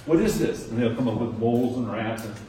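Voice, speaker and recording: A man leads an informal talk for a small group indoors, chatty and animated, playing the kids' answers in brighter voices. He is picked up from a distance, so the room echoes heavily around him. A faint noise sits underneath. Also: mid-range voice, a little fast. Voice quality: chatty, acts out kids' answers with rising tones. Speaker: nature center docent training teachers. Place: indoor room with a nature diorama.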